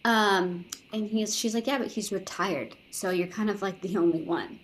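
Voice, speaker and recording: A young woman chats as a podcast guest, recounting a story in an easygoing, filler-heavy way. Her voice sits at an ordinary middle pitch for a woman. She slips into animated voices whenever she quotes the people in her story. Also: moderate pace, hardly any pauses, a little hiss or hum. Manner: chatty, filler-heavy retelling with many "like"s, quoting others in lively voices. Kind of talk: casual conversational storytelling.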